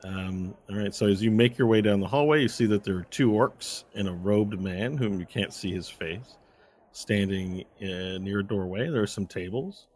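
Guy running a tabletop game, lowish voice, easygoing and rambly. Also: normal speed. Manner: relaxed, loose narration with fillers. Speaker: game master.

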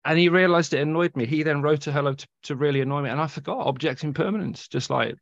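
A man's voice: on the high side, quick pace, vocal fry, dry recording. Male podcast host, casual sarcastic ribbing, dry muffled recording. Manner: teasing, sarcastic. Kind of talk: casual banter. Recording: dull dry lo-fi sound.

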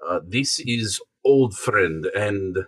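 A man voicing a formal mercenary who speaks haltingly and drops his articles. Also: lowish voice, lively intonation, a bit bright, slightly rough, full character voice. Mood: courteous.

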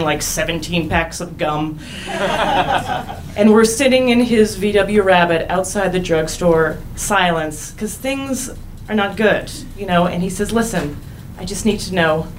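A woman's voice: on the low side, slight background noise, rough recording. Candid woman telling a wry stage story. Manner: candid, wry, laughs at herself. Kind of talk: personal story told on stage.

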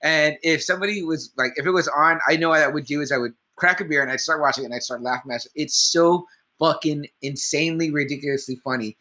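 A man's voice: a little high, fairly even intonation, fast talker. A man in his thirties co-hosting a casual live stream, swearing freely and acting out scenes. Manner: profane, laughing, acts out scenes in a loud put-on voice. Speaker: co-host of a live movie chat stream.

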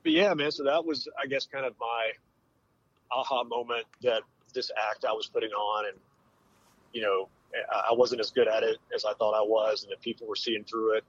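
A man in his forties, a military veteran, telling a hard personal story with candid, halting speech and many fillers. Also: fairly low pitch, fairly even intonation, slightly rough, dry recording, muffled recording. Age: 40s.

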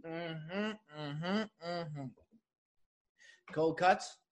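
High-voiced man teasing his friends. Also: a little slow, fairly bright tone, slight background noise. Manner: teasing, prompting bits. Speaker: podcast co-host. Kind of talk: casual comedic chat.

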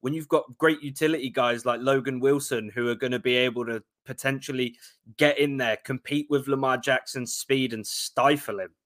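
Man, London accent, podcast guest, bright tone, joking, confident. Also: medium pitch, steady tone, normal speed. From South London. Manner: joking, confident, talks game analysis. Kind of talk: casual sports podcast chat.

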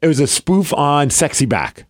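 A man co-hosting a podcast, telling a story in an excited, animated way and acting out the quotes. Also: on the high side, normal speed. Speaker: podcast co-host. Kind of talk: casual podcast chat.

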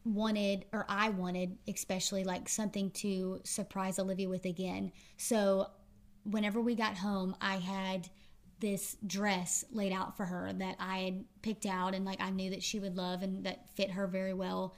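A woman's voice: mid-range voice, level tone, measured pace. A woman guest, with many fillers and restarts, telling her story casually in an interview. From Arkansas.

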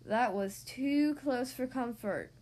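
Woman playing a wicked sea witch, slow gloating drawl, higher and strained, storybook voice. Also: a little mellow. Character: scheming evil female sea witch. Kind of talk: storybook reading.

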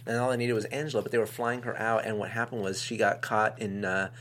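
A man co-hosting a casual chat, telling stories in an animated, jokey way. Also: fairly low pitch, fast. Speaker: podcast co-host.

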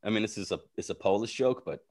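Animated, swearing man telling stories. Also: fairly low pitch, fast, slight background noise. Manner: animated, profane, often acts out quotes. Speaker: actor telling on-set stories. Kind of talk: casual storytelling chat.

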